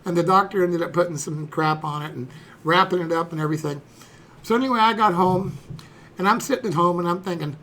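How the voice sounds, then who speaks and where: A man's voice: high voice, fast, sharp tone. A man in his sixties, a streamer telling a personal story in a rambling, folksy way, dropping "you know" and "okay" throughout. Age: 60s.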